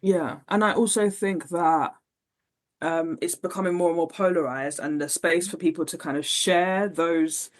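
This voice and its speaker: A woman's voice: lowish voice, moderate pace. Thoughtful woman guest. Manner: thoughtful, reflective, frequent fillers. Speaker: podcast guest. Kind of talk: conversational interview.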